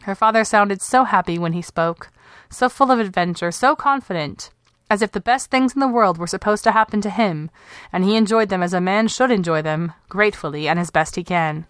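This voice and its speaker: A woman reads a literary short story aloud, measured and unhurried. Her voice sits at a middle pitch. The recording is dry and close, with no room sound. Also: a bit bright, no room sound. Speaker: podcast host and story reader.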